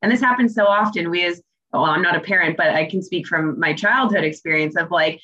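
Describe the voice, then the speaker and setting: A woman's voice: mid-range voice, expressive, fast talker, few pauses, a bit bright. Woman co-host, sincere and encouraging, recorded with muffled lo-fi audio. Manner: earnest, reflective, encouraging. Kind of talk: casual chat. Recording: dull, slightly lo-fi sound.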